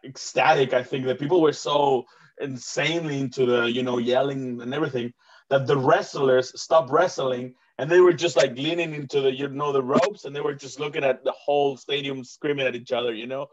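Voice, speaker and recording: A man from Mexico hosts a casual interview show. He talks in long, excited runs, with lots of restarts. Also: mid-range voice, fairly quick. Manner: rambling, many fillers and restarts, enthusiastic. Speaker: host and comedian. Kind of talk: casual chat. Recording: dull, muffled recording.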